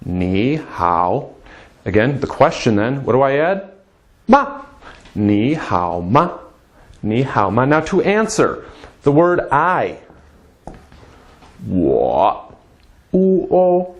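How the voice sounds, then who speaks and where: A man teaching a casual spoken language lesson, patiently repeating phrases slowly for learners to copy. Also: medium pitch.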